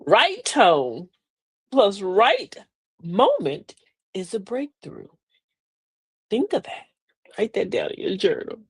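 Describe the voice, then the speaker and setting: A woman's voice: medium pitch, wildly swooping pitch, slow, long pauses, husky, dry recording. A middle-aged woman hosting a live motivational talk, folksy and preachy, with emphatic delivery. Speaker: host.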